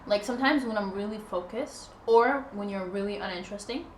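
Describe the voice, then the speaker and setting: A woman's voice: medium pitch, a little fast. A young woman chatting casually with a friend on a vlog, giggling often. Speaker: vlogger. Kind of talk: casual chat. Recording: echoey room, faint noise.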